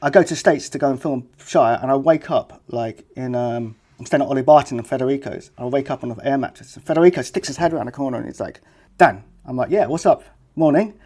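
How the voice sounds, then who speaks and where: A man's voice: medium pitch, quick pace, few pauses, dark tone. A middle-aged man with a London accent, a podcast guest chatting loosely and acting out the people in his stories. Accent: London English. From England. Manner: chatty, rambling, full of "like" and "you know what I mean". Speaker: guest, skateboard filmmaker. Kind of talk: casual podcast storytelling.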